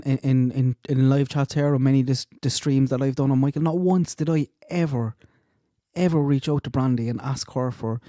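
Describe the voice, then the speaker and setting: A man's voice: mid-range voice, dark tone, no echo, clean studio sound. A man hosting a true crime channel, commenting indignantly over clips. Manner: indignant, rhetorical questions.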